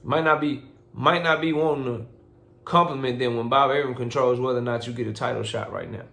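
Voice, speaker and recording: A man's voice: mid-range voice, steady tone, a little fast, vocal fry, a bit bright. A man hosting a boxing commentary vlog, speaking in a casual, blunt and profane rant that lectures his listeners. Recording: roomy echo.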